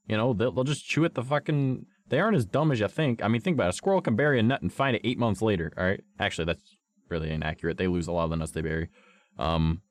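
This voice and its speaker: A man streaming casually, reading about cryptids, swearing a lot and joking between passages, with a deep voice that has a vibration to it. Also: fast, dry recording. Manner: puts on a higher pitched voice.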